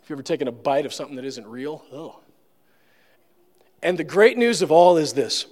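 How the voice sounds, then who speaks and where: A man's voice: fairly high pitch, lively intonation, fairly quick, a little mellow. A male pastor giving a sermon in a conversational manner, with joking asides. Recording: long reverb of a large room.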